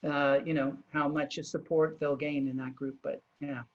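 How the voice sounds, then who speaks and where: A man's voice: on the high side, flat delivery, normal speed, dull audio. Man hosting a video call interview, restarting his thoughts. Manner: thinks aloud with many restarts and fillers. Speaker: host.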